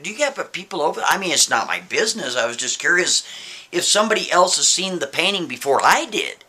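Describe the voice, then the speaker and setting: A man putting on a quick, businesslike woman who buys art, her lines coming out a touch higher and lively. The voice stays bright and clear, pitched in a storytelling way. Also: heavily acted. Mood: curious.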